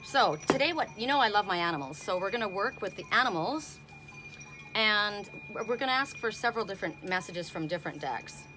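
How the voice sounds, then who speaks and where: A woman's voice: mid-range voice, animated, a little fast, over music. A middle-aged woman doing an oracle card reading outdoors, blunt and indignant in her asides. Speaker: tarot and oracle card reader.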